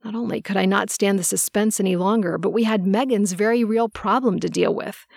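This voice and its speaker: A woman narrating a first-person audiobook with a measured reading. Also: mid-range voice, creaky, dry recording, studio quality.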